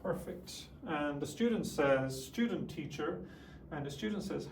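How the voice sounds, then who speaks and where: Slow, clear male English teacher. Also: on the high side, expressive, roomy sound, slight background noise. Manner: slow, clear teacherly delivery with repeated examples. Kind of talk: classroom language lesson.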